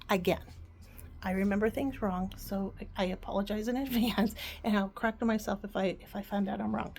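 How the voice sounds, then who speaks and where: Woman, higher voice, chatty vlogger, rambling, self-correcting, fond storytelling. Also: a little mellow. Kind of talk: casual family storytelling.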